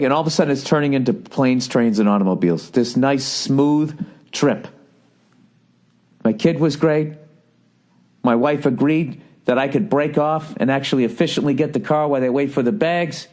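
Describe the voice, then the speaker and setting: A man's voice: mid-range voice, normal speed, a little mellow. A man in his forties hosting a podcast, telling a comic story in a profane, exasperated, ranting way. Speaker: podcast host. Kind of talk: comedic storytelling monologue.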